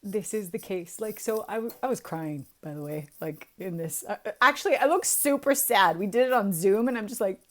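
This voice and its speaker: A young woman vlogs in a casual, confessional way. She talks chattily, fills her sentences with little hesitations, and often breaks into laughs. Her pitch sits in the middle range. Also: moderate pace, few pauses, fairly bright tone. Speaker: vlogger.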